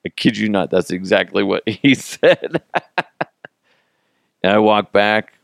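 Male podcast host, thirties, deep with vocal fry, dry close sound. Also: takes it slowly, no room sound. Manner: rambling, self-mocking, acts out quotes, swears. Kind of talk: casual storytelling podcast.

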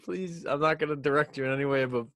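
A man's voice: a little high, fast talker, fairly bright tone, no echo, studio quality. A man hosting a casual chat, jokey and ribbing, laughing often. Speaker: podcast host.

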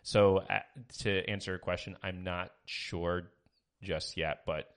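Deep-voiced man, relaxed podcast host. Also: measured pace, clear, resonant tone. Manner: relaxed, hesitant with fillers. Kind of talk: casual podcast chat. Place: small home studio.

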